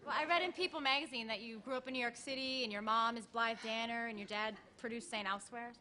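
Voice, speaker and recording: A nosy, gossipy fan, rattling on quickly in a bright, somewhat high voice. She sounds eager to catch the star out. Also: fairly even intonation. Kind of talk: sketch comedy acting.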